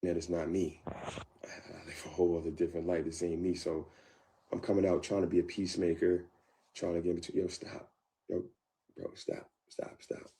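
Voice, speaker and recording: A man telling his story in an interview, animated, acting out his past thoughts and repeating phrases. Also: low voice, fairly quick. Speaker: guest.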